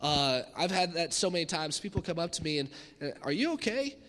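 A man in his thirties giving an animated sermon, acting out the voices of the people he quotes. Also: fairly high pitch, a little fast. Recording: echoey hall.

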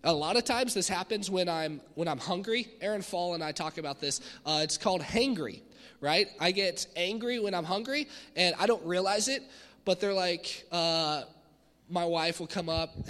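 A man in his thirties giving an animated sermon, acting out the voices of the people he quotes. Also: sits high, moderate pace. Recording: echoey hall.

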